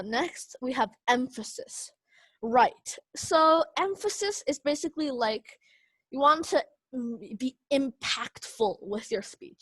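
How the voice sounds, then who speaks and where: A woman's voice: fairly high pitch, no echo. A young woman teaching an online speech class, casual with many fillers. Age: young adult.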